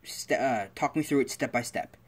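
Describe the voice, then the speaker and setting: A man voicing a wounded young male assassin who reports what happened in a flat, matter-of-fact way. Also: medium pitch, normal speed, lightly acted. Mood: recounting.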